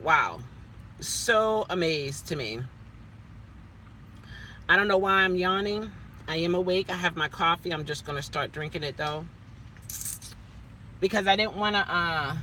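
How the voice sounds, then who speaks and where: A woman's voice: fairly low pitch, a little slow, long pauses, bright, forceful tone, slight background noise. A woman rideshare driver chatting casually to her vlog from inside her car, rambling with little self-talk asides.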